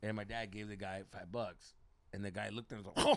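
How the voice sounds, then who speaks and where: A man hosting a podcast, telling stories casually, animated and profane, slipping into Spanish slang. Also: fairly low pitch, quick pace, no room sound. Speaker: podcast host. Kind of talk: casual storytelling.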